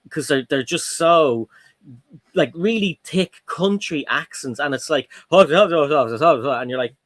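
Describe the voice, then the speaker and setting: A man chatting as a livestream guest, with a fairly high voice that swings up and down a lot as he tells a story. He acts out the voices of the people he quotes. The sound is dry and close, with no room around it. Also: animated, measured pace, a bit bright, no room sound. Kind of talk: casual chat.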